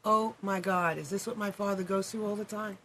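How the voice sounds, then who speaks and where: A woman hosting a radio talk show, emotional and sentimental, her voice going a little hoarse. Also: medium pitch, fairly even intonation, fairly quick, bright, forceful tone, a little hiss or hum.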